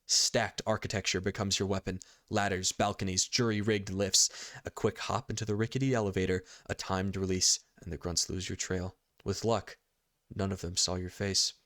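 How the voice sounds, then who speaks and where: A man's voice: sits low, little pitch movement, normal speed, fairly bright tone, no echo, clean studio sound. A man running a tabletop game as game master, reading scene narration and often stopping to correct himself. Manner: laughs easily, stumbles and corrects himself while reading. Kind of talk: reading tabletop narration and playing side characters.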